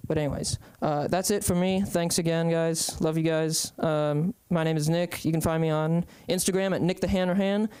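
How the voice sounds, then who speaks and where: A young man rambles through an open-mic stand-up set, full of ums and restarts. His voice is smooth and clear, recorded close and dry, with no room sound. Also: fairly high pitch, steady tone, moderate pace, hardly any pauses, darkish tone, no echo. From San Francisco Bay Area. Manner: rambling, hesitant, lots of ums. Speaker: stand-up comedian.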